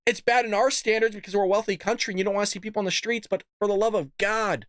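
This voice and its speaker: A man's voice: high voice, steady tone, fast, a bit bright, no echo, studio quality. A man hosting a political commentary show, ranting bluntly and cussing. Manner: blunt, fired-up, cusses. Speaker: host.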